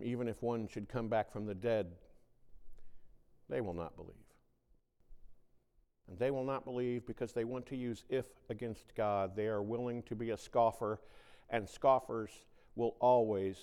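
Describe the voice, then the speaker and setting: A man, a pastor, preaching a sermon and reading scripture with dramatic swings between loud, raised passages and hushed, low reflection. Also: fairly even intonation, normal speed, clean tone, in a large hall.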